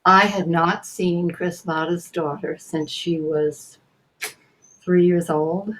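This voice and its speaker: Older woman telling lively anecdotes. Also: fairly low pitch, takes it slowly. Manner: animated, theatrical storyteller with many restarts. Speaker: guest voice actor. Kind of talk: casual interview storytelling.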